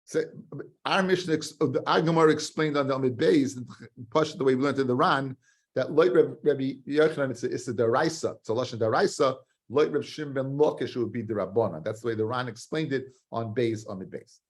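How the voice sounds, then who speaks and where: A man's voice: mid-range voice, fast. A man, a rabbi teaching a Talmud study lesson. He repeats phrases for emphasis and mixes Hebrew and Aramaic terms into his English. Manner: animated, swings between loud emphasis and quiet earnest stress, repeats phrases.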